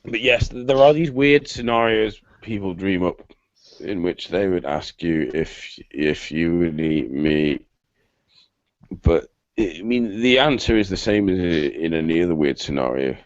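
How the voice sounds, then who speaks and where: A man's voice: low voice, lively intonation, unhurried, dry recording. Rambling British man on lo-fi call. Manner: rambling, stop-start, restarts phrases. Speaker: host. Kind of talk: casual video-call chat. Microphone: computer mic on a video call. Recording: muffled lo-fi call audio.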